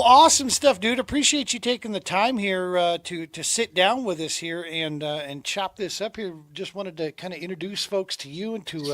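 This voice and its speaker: A middle-aged man hosting a podcast, talking in a relaxed, rambling way and calling his guest "dude" and "man". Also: sits high, no echo. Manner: laid-back, rambling, says dude and man often. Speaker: podcast host. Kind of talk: casual interview chat.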